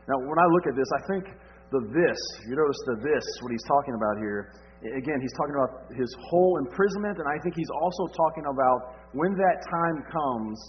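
A man's voice: medium pitch, lively intonation, normal speed. A man preaching a sermon, asking rhetorical questions and building emphasis. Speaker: pastor. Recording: dull lo-fi sound.

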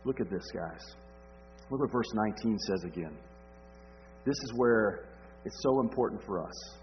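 A man's voice: fairly low pitch, expressive, moderate pace, soft background music. A man preaching a sermon, asking rhetorical questions and building emphasis. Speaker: pastor. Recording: dull lo-fi sound.

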